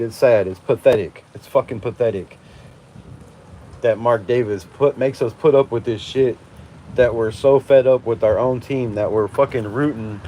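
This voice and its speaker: Man in his forties, live-stream rant, swearing a lot, mellow dark voice. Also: medium pitch. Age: 40s. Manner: profane, emphatic, laughing often. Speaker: fan channel host. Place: outdoors at night during a storm.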